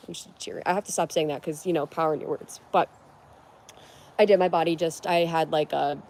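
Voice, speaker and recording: A young woman with a somewhat low-pitched voice hosts a relaxed livestream. She chats freely and giggles often as she answers her viewers' comments. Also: a little fast, slight background noise. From Connecticut, USA. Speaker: livestream host. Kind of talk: casual livestream chat with viewers.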